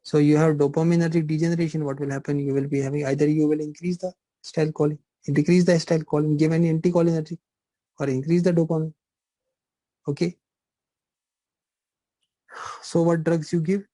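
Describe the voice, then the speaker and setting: A man's voice: on the high side, flat delivery, a little fast, pauses often, mellow, no room sound, poor audio. A middle-aged male pharmacology lecturer, teaching a live online class, repeating points and firing rhetorical questions at students. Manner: repetitive, asks rhetorical questions, teasing.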